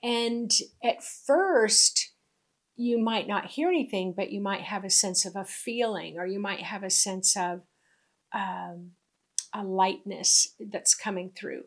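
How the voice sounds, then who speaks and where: A middle-aged woman leads a spiritual lesson at a very slow, measured pace. Her tone is gentle and unhurried, and she drops into soft asides as she explains. The voice sits in a middle register. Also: medium pitch. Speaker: spiritual teacher. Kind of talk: instructional spiritual talk.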